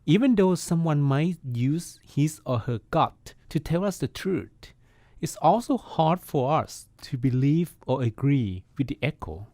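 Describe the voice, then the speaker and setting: A man, a Buddhist monk, hosting a podcast and giving a calm, reflective meditation talk. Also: a little high, measured pace, dry recording.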